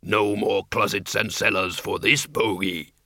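A man voicing a hearty invisible male bogeyman in a storybook reading, with a gruff, boisterous manner. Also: on the low side, little pitch movement, measured pace, sharp tone, no room sound, clean studio sound, voice pushed down, exaggerated voice. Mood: eager.

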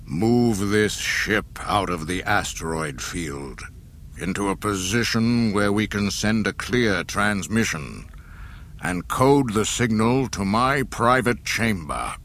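A man voicing a menacing masked male dark lord who gives cold, slow commands. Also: fairly low pitch, animated, slight background noise, exaggerated voice. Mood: commanding.

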